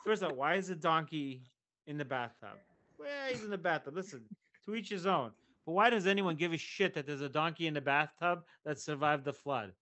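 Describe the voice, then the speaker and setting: A man co-hosting a casual comedy podcast, telling animated stories and swearing freely. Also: a little high, fairly quick. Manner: animated storyteller, swears freely, slips into joke voices. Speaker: podcast co-host.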